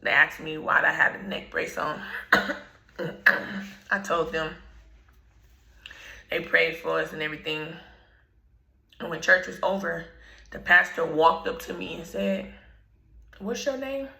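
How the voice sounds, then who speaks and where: A woman telling a personal story in slangy, laid-back storytime talk, often clearing her throat. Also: low-pitched, little pitch movement, a little slow, long pauses, pushed and bright, roomy sound, low-quality recording. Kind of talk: casual storytime.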